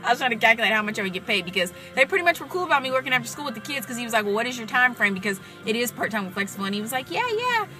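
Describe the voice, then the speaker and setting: A young woman talking straight to her viewers in an excited, rambling casual vlog, with plenty of asides to the audience. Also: fairly high pitch, very fast, few pauses, music in the background. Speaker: vlogger.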